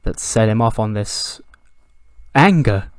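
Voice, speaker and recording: A man narrating a wrestling management game playthrough in a casual, animated way, acting out the characters' lines. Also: fairly low pitch, slow pace, no echo. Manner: animated, acts out the wrestlers' dialogue, swears freely. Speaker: gaming commentator.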